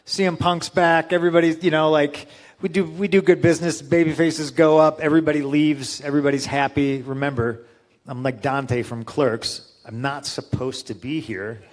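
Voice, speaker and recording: A man in his forties tells a story to a convention crowd, casual and profane, laughing as he goes. His voice sits a little high for a man, and he is loose and lively. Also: normal speed. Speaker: guest.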